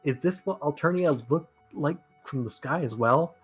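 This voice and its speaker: A man's voice: on the high side, normal speed, soft background music. A man reading the narration aloud in a casual fan read-along, sometimes tripping over words.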